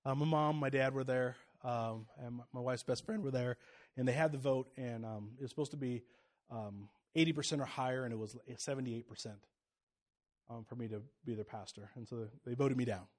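Speaking fairly quickly in a medium-pitched voice, a male pastor tells a story about himself during his sermon, going from loud and escalating exhortation to low, confiding comments.

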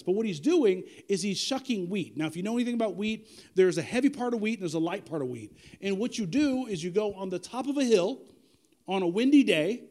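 A man's voice: high-pitched, darkish tone. A man preaching a sermon in a conversational, storytelling way with humor. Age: adult with children.

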